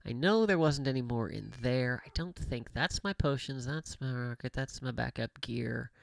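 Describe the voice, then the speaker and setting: A man's voice: medium pitch, moderate pace, gravelly, slight background noise. A man from the United States hosting a gaming livestream, rambling, chuckling often and muttering to himself as he plays. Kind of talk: casual gameplay commentary.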